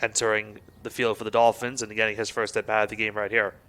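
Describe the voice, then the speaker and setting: A man giving color commentary on a college baseball game in a relaxed, conversational way. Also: lowish voice, fast.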